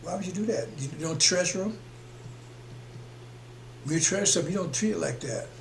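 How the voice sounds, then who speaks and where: A man preaches in a slightly high, gravelly voice, rambling and emphatic as he chuckles between points. He is recorded in an echoey room with a faint hum behind him. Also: fairly quick. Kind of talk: preaching broadcast.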